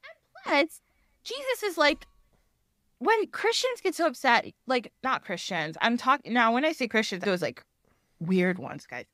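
A woman talking as a podcast guest in casual chat, rambling and animated, often laughing and acting out quoted voices. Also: on the high side, a little slow, no room sound.

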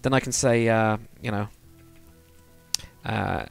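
A man's voice: fairly low pitch, slow, vocal fry, soft background music. A man chatting casually with viewers during a game livestream, rambling and laughing often. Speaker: streamer. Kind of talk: casual livestream chat while building in a game.

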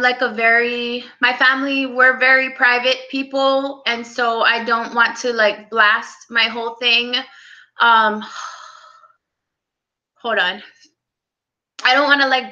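A young woman hosting a casual live stream, speaking softly and close to tears as she greets viewers by name. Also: a little high, highs cut off. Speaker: livestream host.

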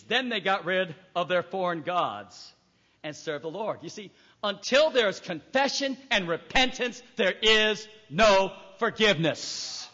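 A man's voice: high voice, pushed and bright. A man preaching a sermon, reading scripture aloud and emphatically acting out voices. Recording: echoey hall, dull lo-fi recording.

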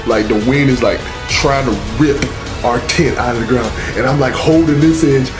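A young man telling a funny story in a profane, animated, slangy way. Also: medium pitch, normal speed, over music. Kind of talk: comedic storytelling.

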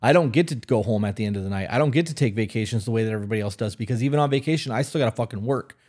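A podcast co-host speaks in a fairly low, slightly mellow male voice at a rapid-fire pace. His talk is casual and opinionated, blunt, and full of swearing.

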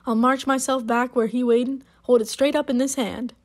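A woman reads the part of a proud, solemn old countrywoman from a storybook. She talks in slow, stiff dialect, her voice sitting a little high. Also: flat delivery, darkish tone, close to an everyday voice. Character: elderly rural woman, solemn, dignified, proud.

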